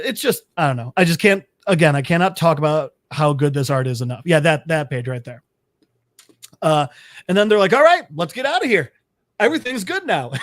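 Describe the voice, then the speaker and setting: Animated man recapping a comic, higher voice. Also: dry recording, studio quality. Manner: animated storyteller, swears freely, laughs at his own asides. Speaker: podcast co-host. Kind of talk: casual podcast chat recapping a comic.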